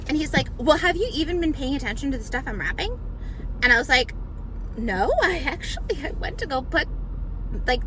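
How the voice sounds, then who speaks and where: Chatty young woman with loud noise behind. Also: a little high. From Maine. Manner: chatty, flustered, retelling with quoted back-and-forth. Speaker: vintage shop owner vlogging. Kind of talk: casual vlog storytelling.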